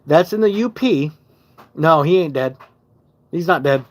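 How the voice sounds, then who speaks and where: Here a man from Michigan rambles and swears through a casual live stream, recorded on a phone in his home basement. His pitch sits on the high side, with lively intonation, an unhurried pace and a darkish tone, and he keeps losing his thread.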